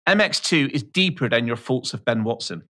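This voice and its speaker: A man's voice: mid-range voice, animated, brisk, sharp tone. A man co-hosting a casual podcast, teasing and joking. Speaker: podcast co-host.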